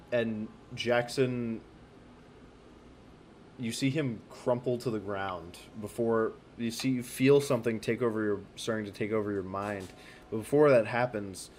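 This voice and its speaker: A man's voice: fairly low pitch, a little hiss or hum. Hesitant man narrating a game. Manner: hesitant, many ums. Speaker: game master.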